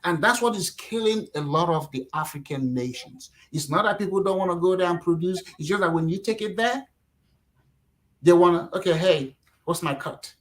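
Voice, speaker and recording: A middle-aged man from Nigeria, talking casually as a guest, animated and acting out quotes, with lots of "you know". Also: high voice, moderate pace, rough recording. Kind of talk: casual interview talk.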